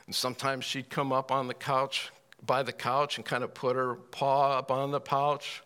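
A man teaching a Bible class in a folksy, unhurried way, with dry little asides. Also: medium pitch, flat delivery, bright, forceful tone, smooth.

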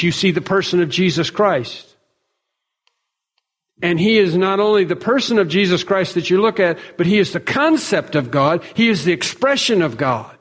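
A man preaching a sermon in an earnest, measured way, quoting speakers in small acted-out voices. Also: sits high. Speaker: pastor. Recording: long reverb of a large hall.

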